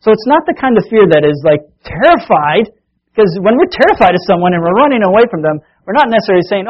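Guy preaching, kinda husky, high-ish voice, dull lo-fi sound. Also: fast. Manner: animated storytelling, acting out voices of disciples and Jesus. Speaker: pastor. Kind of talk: sermon.

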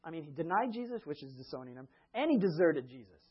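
A man preaching a sermon, retelling Bible stories in a lively way, often laughing and acting out the quotes. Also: a little high, quick pace, slightly rough, highs cut off.

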